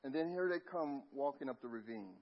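A middle-aged man preaching a sermon, telling a family story and dropping to a near hush at tender moments. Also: medium pitch, lively intonation, a little fast. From Los Angeles. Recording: muffled lo-fi sound.

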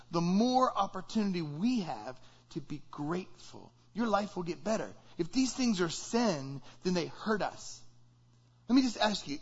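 A man's voice: high voice, highs cut off. A man preaching a sermon in a conversational way, asking the listeners rhetorical questions. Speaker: pastor.

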